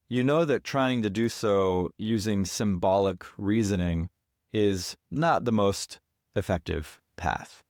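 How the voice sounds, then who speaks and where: Low-voiced man teaching in a dry room. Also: slow, darkish tone, dry recording. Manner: earnest, explanatory. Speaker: horn teacher. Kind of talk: online lesson. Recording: dry, close sound.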